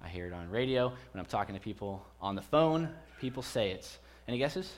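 A man's voice: on the low side, expressive, a little fast. A man in his thirties, a pastor giving a conversational sermon in a church, chatty and joking with the congregation.

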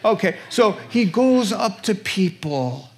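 A man preaches from a church pulpit in an earnest, emphatic way. His voice sits a little higher than most men's. He often jumps up into loud, high bursts to drive a point home. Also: expressive, slow. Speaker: pastor. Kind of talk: sermon.

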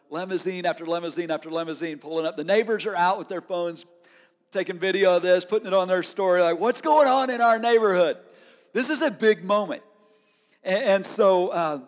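A male pastor preaching a sermon with conversational, animated storytelling. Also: fairly high pitch. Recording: long hall reverb.

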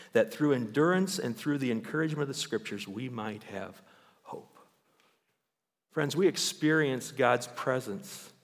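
A male pastor preaching a sermon in church. He tells Bible stories with animation and raises his voice to act them out. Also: medium pitch. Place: church sanctuary. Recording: long hall reverb.

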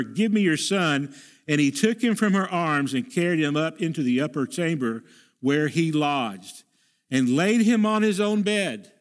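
A male pastor delivers a sermon earnestly and emphatically, repeating key phrases. His voice rises sharply when he voices a prayer and drops low for the quieter points.

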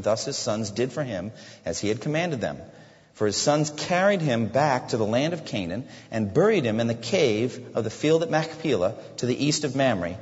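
A man preaches in a church sanctuary, his pitch rising and falling in a lively way as he reads scripture. Emphatic asides break into the reading. Long hall reverb and a dull, muffled recording surround his voice. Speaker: pastor. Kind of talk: sermon.

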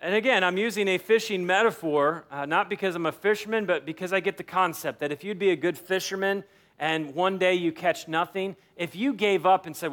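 High-voiced man preaching conversationally. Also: a little fast, a bit bright. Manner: conversational preaching, acts out quoted dialogue. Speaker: pastor. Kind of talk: sermon.

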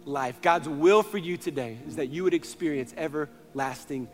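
A man in his thirties, a pastor, preaching a sermon in earnest storytelling style, moving between loud passages and hushed ones. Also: a little high, moderate pace, faint music behind.

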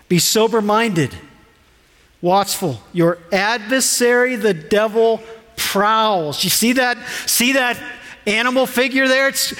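Male pastor, high voice, animated sermon, lingering hall reverb. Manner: animated preaching, rhetorical questions, dramatized quotes.

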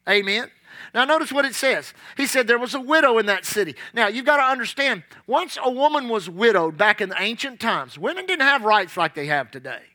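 A man's voice: extremely high pitch, big pitch swings, a little fast, sharp tone. A man preaching a sermon, emphatic and storytelling, repeating his key lines.

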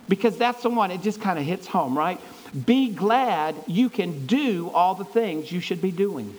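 A man's voice: sits high, rough recording. A man preaching a sermon in an earnest, conversational way, stumbling and restarting as he reads and explains scripture. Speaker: pastor.

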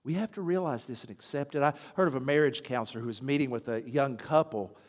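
A pastor preaches a sermon in a medium-pitched male voice, speaking fast, with a long reverb tail trailing his words. He tells stories with animation and acts out the voices of the people in them.

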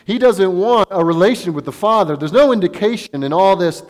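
A man's voice: high-pitched, expressive, a little fast. A male pastor preaching a sermon in an earnest way, repeating phrases for emphasis. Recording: long hall reverb.

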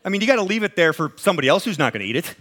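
A man's voice: high-pitched, very fast. A man preaching a sermon, telling stories in a conversational way and acting out quoted voices. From American Midwest. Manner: animated storytelling, acts out quoted voices, chuckles. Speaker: pastor.

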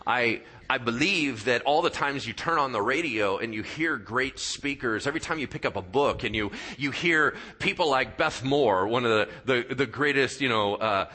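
A male pastor preaching a sermon in church, telling stories with acted-out voices and dropping to quiet, earnest tones for his key points. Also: medium pitch, normal speed, few pauses. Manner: animated storyteller, acts out voices and sound effects. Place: church sanctuary.

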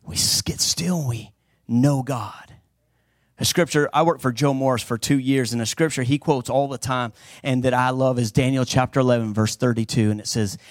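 A man preaching a sermon with fervent emphasis, swinging between loud declarations and hushed passages. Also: medium pitch, steady tone, normal speed, no room sound, clean studio sound.

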